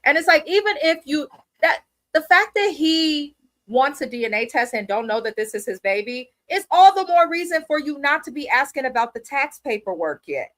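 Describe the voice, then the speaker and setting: A woman's voice: sits high, lively intonation, normal speed, fairly bright tone. A woman giving blunt, opinionated, profane commentary while reviewing a reality TV episode. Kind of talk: casual commentary.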